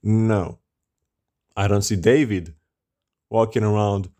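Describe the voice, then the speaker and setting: A man's voice: lowish voice, animated, measured pace, dark tone. A man preaching as a rabbi, with rhetorical questions and a scornful tone. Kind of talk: sermon.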